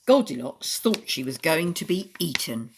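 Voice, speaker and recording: A woman reading a children's story aloud in an expressive storytelling manner. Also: deep voice, moderate pace, background noise.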